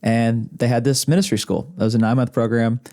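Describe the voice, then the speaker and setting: A medium-pitched, dark-toned male voice comes through fast, with fairly even intonation. The speaker, from Arkansas, USA, is the host's husband appearing as a podcast guest; his casual, rambling stories are peppered with chuckles and restarts. He's in an indoor podcast studio room.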